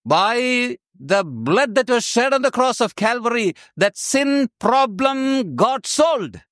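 A man with a high voice delivers a sermon at an unhurried pace. He leans on emphasis and repeats his main phrases. The sound is close and dry. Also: very animated, fairly bright tone, dry recording. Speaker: preacher.

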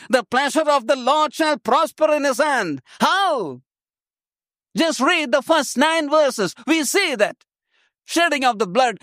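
A man preaching a sermon, slow and emphatic, repeating his key phrases. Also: extremely high pitch, a bit bright, no room sound, studio quality.

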